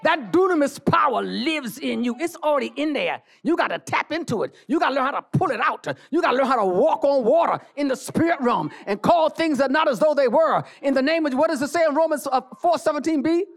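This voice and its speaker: A preacher delivering a fiery church sermon, repeating phrases, calling for the congregation to answer, and bursting into shouts. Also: high-pitched, expressive, a little fast, gravelly, hardly any pauses.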